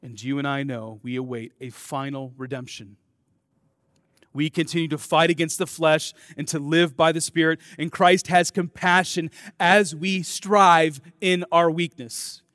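A male pastor from the American Midwest delivers a sermon in a fairly high voice, recorded close and dry with little room sound. He moves between hushed, confiding asides and ringing, emphatic declarations, and drops in casual, self-deprecating remarks to his listeners. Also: fairly even intonation, a little slow, dry recording. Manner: swings between soft intimate asides and loud emphatic declarations.

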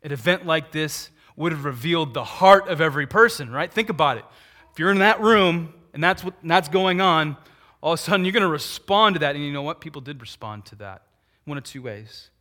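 A middle-aged male pastor delivers a sermon with a bright, forceful edge to his voice. He preaches in an animated way, with questions he answers himself. His voice sits a little higher than most men's and swings from loud, pushing peaks down to low, hushed asides. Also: fairly quick.

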